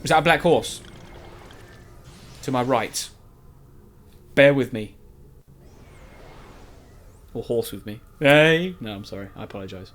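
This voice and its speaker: Expressive and measured, with long pauses, a mid-range male voice provides rambling, chatty commentary over his own gameplay footage. This Let's Play commentator makes fun of himself throughout.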